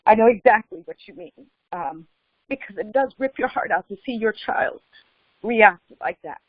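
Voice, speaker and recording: A woman hosting a remote interview, asking questions in a hesitant way with many pauses and fillers. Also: a little high, animated, no room sound. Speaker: host. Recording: dull lo-fi call audio.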